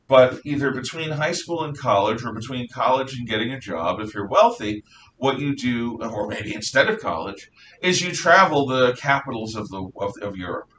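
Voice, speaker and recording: Man, history teacher, classroom lecture, animated storytelling, distant mic, faint hum. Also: mid-range voice. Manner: animated storytelling with asides and restarts.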